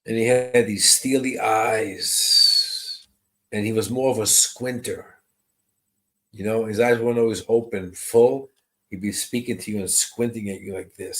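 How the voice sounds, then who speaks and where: A man working as a psychic medium, giving a live online reading, describing impressions slowly and answering viewers' comments. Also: mid-range voice.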